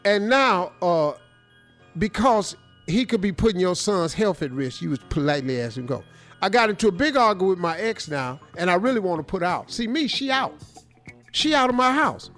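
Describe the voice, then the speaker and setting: Guy hosting a show, real high voice, swings all over the place, teasing, streetwise banter, music going underneath. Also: very animated, moderate pace, a bit bright. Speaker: radio show host. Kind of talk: comedic advice commentary.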